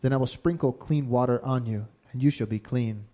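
A man reading Bible passages aloud in a steady, measured way during a sermon. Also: medium pitch. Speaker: scripture reader.

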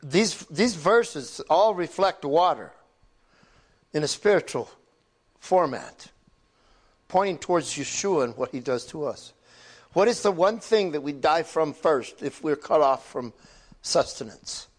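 Male preacher, a bit higher-pitched, earnest and conversational, repeats key words for emphasis. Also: lively intonation, unhurried. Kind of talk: sermon commentary.

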